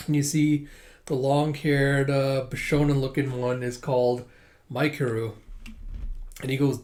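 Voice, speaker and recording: A man's voice: mid-range voice, little pitch movement, a little slow, long pauses, darkish tone. A man reading a manga aloud in a casual way, narrating panels, laughing and making profane asides. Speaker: manga reader and commentator. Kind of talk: casual manga read-through.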